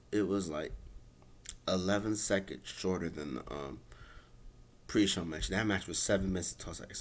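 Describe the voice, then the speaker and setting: A man casually recapping and reviewing a wrestling show, rambling with many fillers. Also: fairly low pitch. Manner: rambling, lots of fillers, acts out quotes.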